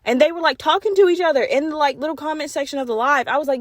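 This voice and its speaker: Young woman, podcast host, slight stutter, higher voice, dry close sound. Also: rapid-fire, no echo. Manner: animated, swearing, laughing, talks straight to listeners. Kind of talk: casual solo podcast chat.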